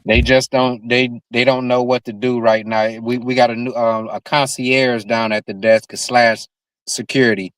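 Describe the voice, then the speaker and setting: A man in a casual panel chat, talking in a hurried, offhand way. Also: medium pitch, level tone, a bit bright, clean tone, no echo, low-quality recording.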